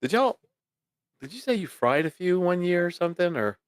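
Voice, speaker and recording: A man's voice: sits high, big pitch swings, fairly quick, clear, resonant tone, dry recording, studio quality. A man co-hosting a live stream, making wry, exasperated asides and reading out viewer comments. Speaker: podcast co-host reading chat. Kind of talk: casual chat on a live stream.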